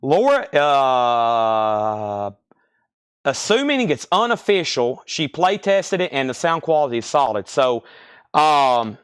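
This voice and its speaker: A man running a live online record sale, calling out bids, buyers and prices in a rapid, repetitive patter. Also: medium pitch, sing-song, clean tone, dry recording, clean studio sound. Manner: rapid-fire, repetitive calls of sales and prices. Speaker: live-stream record seller.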